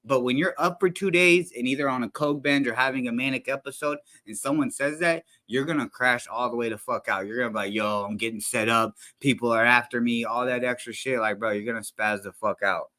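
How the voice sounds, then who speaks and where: Bright-voiced man in slangy reaction commentary. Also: medium pitch. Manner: slangy, profane, loose rambling. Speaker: streamer reacting to a clip. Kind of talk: casual commentary.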